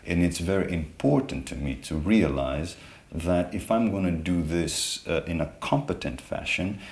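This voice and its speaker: A man's voice: low voice, normal speed, darkish tone. A man being interviewed as an artist, speaking hesitantly with many repeated words and restarts. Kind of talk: conversational interview.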